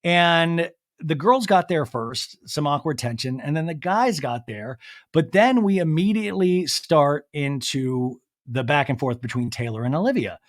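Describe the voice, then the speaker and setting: A man hosting a podcast, recapping a reality show in a lively casual way and acting out the cast's lines. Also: fairly high pitch, unhurried, no echo, clean studio sound. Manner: animated, acts out cast members' lines in put-on voices. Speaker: podcast host.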